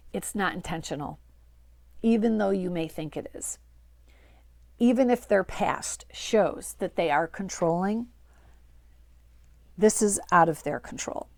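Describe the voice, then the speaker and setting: A woman's voice: mid-range voice, no echo. A woman working as a dementia care coach, giving advice straight to her viewers in an emphatic, coaxing way and repeating phrases for stress. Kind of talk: direct-to-camera advice talk.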